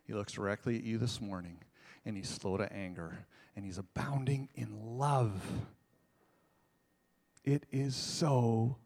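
A man preaching a sermon as pastor, moving between hushed, intimate passages and loud, impassioned stretches, with casual asides and rhetorical questions to the congregation. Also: on the low side, moderate pace, gravelly, few pauses.

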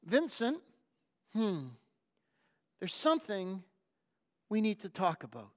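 A man's voice: high voice, huge pitch swings, takes it slowly, heavily acted. A man voicing a hesitant young woman confessing. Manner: hesitant, apologetic. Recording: long hall reverb.

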